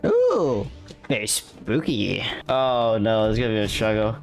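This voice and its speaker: A streamer giving excitable gaming commentary, yelping, shouting and hyping themselves up. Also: mid-range voice, a little slow, faint music behind. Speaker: streamer playing a platform game.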